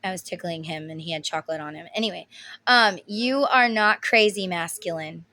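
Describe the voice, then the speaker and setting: A woman in her thirties speaks bluntly in a casual tarot reading. She gets emotional and swears freely. Her voice has a bright, sharp edge. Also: on the low side, normal speed. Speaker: tarot reader.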